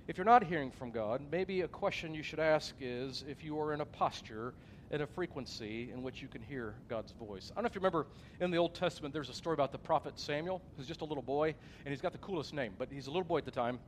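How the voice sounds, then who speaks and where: Earnest pastor with a fairly high voice. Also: male voice, fast talker, a little hiss or hum. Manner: conversational, earnest, personal storytelling. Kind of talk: sermon.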